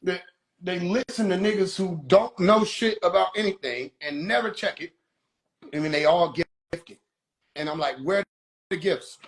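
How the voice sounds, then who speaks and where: High-voiced man ranting profanely. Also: normal speed. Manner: animated, mocking, swears constantly. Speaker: livestream host. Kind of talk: profane comedic rant. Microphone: phone.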